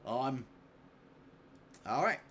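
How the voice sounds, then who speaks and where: A man streaming a game live, chatting casually, joking, thinking out loud with lots of fillers, and reading game dialogue aloud. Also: mid-range voice, expressive, drawn-out words, breathy edge.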